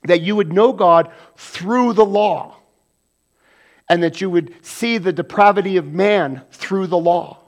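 Man, pastor, sermon, slightly high voice, animated, loud bursts and hushed asides. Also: a little slow.

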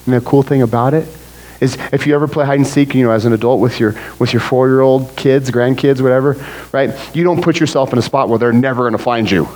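A middle-aged man preaching a conversational sermon, animated and full of "right?" asides. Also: mid-range voice, quick pace, low-quality recording.

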